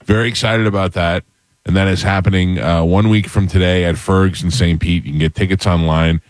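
A man with a very deep voice hosts a comedy podcast in a relaxed, joking way. The recording is dry and close to the mic. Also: fairly quick, dry recording. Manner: laid-back, joking. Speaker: podcast host and musician. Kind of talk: casual chat.

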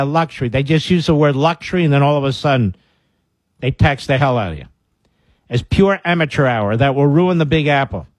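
A man's voice: a little high, dry recording. A middle-aged man hosting a talk radio show, reading news stories aloud and breaking off into sarcastic, combative rants.

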